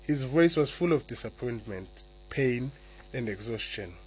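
Picture a man with a husky, breathy voice, reading from his memoir in a soft, measured way. He pauses between phrases and settles at an ordinary middle pitch. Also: expressive, rough recording. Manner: soft-spoken, slow and deliberate when reading. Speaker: author and guest. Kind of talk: interview answers and reading aloud from his memoir.

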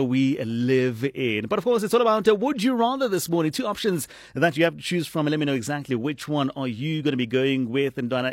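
Upbeat male radio host, husky edge, lively pitch, chatty slang-mixing patter. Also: no room sound, studio quality. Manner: energetic, mixes English with Zulu slang. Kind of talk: lively morning radio chat.

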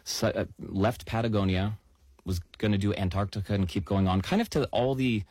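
A man with a very low, husky voice walks through the facts in a measured, explanatory way. He leans on key words for emphasis. The sound is dry and close. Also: darkish tone, dry recording. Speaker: news explainer guest. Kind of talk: explanatory talk-show chat.

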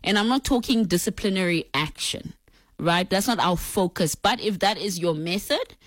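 A woman's voice: medium pitch, animated, moderate pace, dry recording. A woman in her thirties with a South African accent, hosting a call-in radio show and chatting playfully with her listeners. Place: radio studio. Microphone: studio microphone.

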